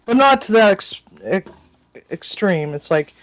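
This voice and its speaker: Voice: medium pitch, expressive, unhurried, noisy background. A cooking channel host telling a long personal story to viewers in a casual, rambling way, with frequent restarts and mild cursing.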